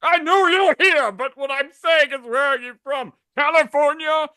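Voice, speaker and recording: A man's voice: very high voice, moderate pace, sharp tone, no room sound. A man voicing a bewildered grown male superhero who stammers in polite confusion. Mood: puzzled.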